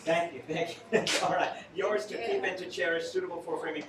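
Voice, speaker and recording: A man's voice: on the high side, fairly quick, hardly any pauses. A man performing stage mentalism live for a small audience, with theatrical, playful patter and joking asides to the crowd. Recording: echoey room, far from mic, audience noise.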